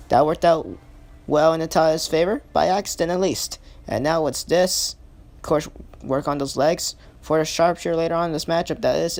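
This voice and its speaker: Young male gaming commentator, slightly high voice, hesitant and self-correcting as he calls the action. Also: darkish tone. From not British. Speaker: play-by-play commentator for his own video game series. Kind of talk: casual solo game commentary.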